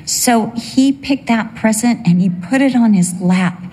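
A woman's voice: a little high, a little slow, mellow, husky. An older woman telling a humorous personal story that turns into a sermon, acting out the voices she quotes. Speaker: speaker giving a testimony.

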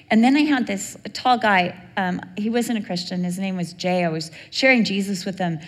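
A woman preaches in a big, echoing church space, her sermon full of lively stories. She acts out the people she talks about, switching voices as she goes. Her pitch sits in a middle range for a woman, and the long reverb carries each phrase out into the hall. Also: normal speed. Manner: animated storytelling, acts out quoted voices. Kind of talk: sermon with storytelling.

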